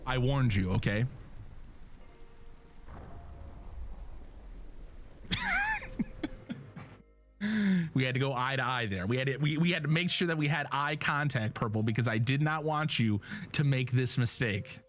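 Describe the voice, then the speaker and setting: A man's voice: mid-range voice, fairly quick. A man streaming a game live, chatting casually and jokingly straight to his viewers. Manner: animated, joking, talks straight to chat.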